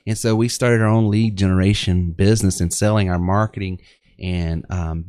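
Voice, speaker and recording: A man's voice: sits low, steady tone, normal speed, darkish tone, no room sound, studio quality. A man with a Southern accent hosting a live online business show, chatting casually and rambling with lots of fillers and restarts. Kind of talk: casual live-stream chat with pitches.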